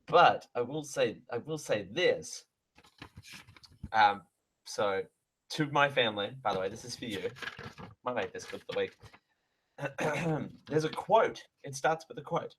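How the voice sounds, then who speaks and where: A man's voice: mid-range voice, animated, measured pace, pauses often, slight background noise, poor audio. A man hosting a live radio show from a studio mic, rambling and correcting himself with sarcastic asides. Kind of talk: live radio talk, reading mail aloud. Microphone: close studio microphone.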